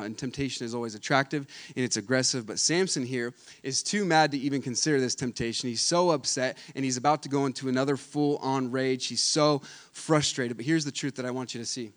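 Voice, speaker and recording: A man preaching a sermon as a pastor, telling a Bible story in a chatty way and acting out its characters, then rising to loud, emphatic preaching. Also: medium pitch, fast talker, few pauses.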